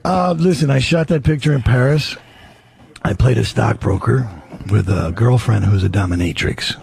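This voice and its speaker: A man's voice: mid-range voice, normal speed, vocal fry, a little mellow, slight background noise. A man guesting on a radio show, talking in a laid-back, wry way. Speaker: actor guest. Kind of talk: casual radio interview.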